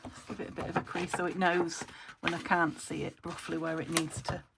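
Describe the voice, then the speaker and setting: A woman's voice: lowish voice, little pitch movement, brisk, vocal fry. Woman, British accent, crafting tutorial, thinking aloud, half-whispered muttering, noisy home recording. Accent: British English. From United Kingdom. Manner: self-talk, thinking aloud, chuckling. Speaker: crafter demonstrating junk journal making. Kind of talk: chatty crafting tutorial, talking to herself.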